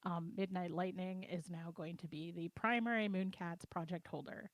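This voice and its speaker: A woman's voice: on the low side, normal speed, dry recording. Dry-sounding woman chatting casually. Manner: relaxed, explanatory and conversational. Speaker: project co-owner and co-host. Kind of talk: casual livestream chat. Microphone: computer mic on a voice chat.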